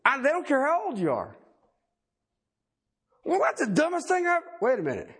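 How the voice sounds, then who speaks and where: A middle-aged man preaching a sermon in a folksy, animated way, with joking asides. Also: very high voice, normal speed. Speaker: pastor.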